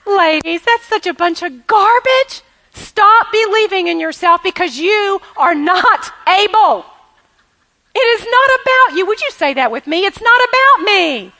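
A woman's voice: very high-pitched, animated, a little slow, sharp tone. A woman preaching a sermon to a women's audience, emphatic and repetitive, calling on them to say lines back to her. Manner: emphatic, repeats key phrases, has the audience repeat after her; laughs now and then while preaching. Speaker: women's ministry speaker.

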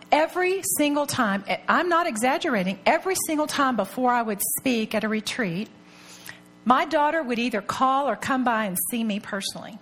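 Leading a Bible study, a middle-aged woman gives a personal teaching talk in a fairly high, slightly bright voice. Her tone with the group is earnest and confiding, and she keeps posing rhetorical questions to them.

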